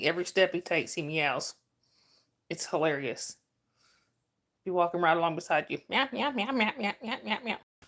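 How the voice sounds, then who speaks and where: A livestream host from North Georgia speaks with a Southern American accent in a fairly low, slightly bright voice. On her casual live-chat stream, she greets viewers by name and laughs often.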